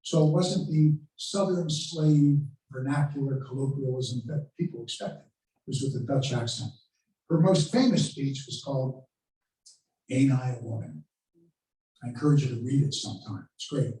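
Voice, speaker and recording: A man tells history as a lecture, building dramatic stories and acting out quoted speeches with real feeling. His dark, mellow voice carries through a very echoey room. He sounds set back from the microphone. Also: mid-range voice, moderate pace, far from the mic. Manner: storytelling, dramatic quoting of speeches. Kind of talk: history lecture to a live audience. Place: lecture room at a country club.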